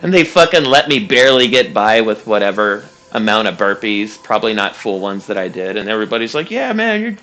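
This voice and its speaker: A man's voice: fairly low pitch, a little fast, few pauses, fairly bright tone. Rambling, foul-mouthed young man. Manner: rambling, profane, laughing, with many fillers. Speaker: streamer. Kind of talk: casual storytelling while gaming.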